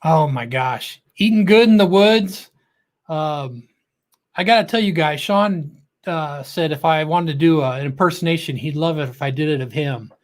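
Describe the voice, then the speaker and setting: A talkative middle-aged man runs a casual livestream, greeting each viewer by name as it comes up. His voice sits a touch higher than most men's, and his delivery stays loose, goofy and friendly in tone. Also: normal speed. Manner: chatty, calls out viewers' names with a lift; joking and goofy. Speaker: livestream host.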